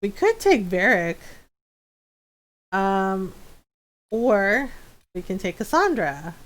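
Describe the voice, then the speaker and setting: A woman's voice: mid-range voice, slow pace. A woman streaming a video game, chatting casually and telling stories about her pets with lots of laughter. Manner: chatty, laughing, animated storytelling. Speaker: gaming streamer. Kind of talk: casual chat while live-streaming a game.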